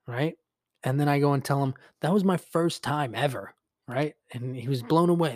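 A young man tells a story casually as a podcast host, swearing freely and leaning on fillers as he animates the retelling. His voice sits at an ordinary middle pitch, and the sound is close and dry with no room echo. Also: normal speed.

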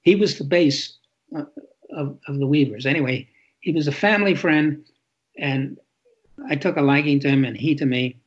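An older man speaks in a husky voice pitched slightly high, answering an interviewer candidly. He pauses and repeats himself as he thinks aloud. The recording is muffled and lo-fi. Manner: reflective, halting, repeats words. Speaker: author and interview guest.

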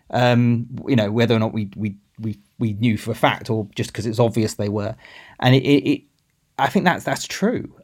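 A man's voice: mid-range voice, darkish tone. A man co-hosting a casual games podcast, talking hesitantly with many ums and restarts. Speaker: games journalist podcast co-host.

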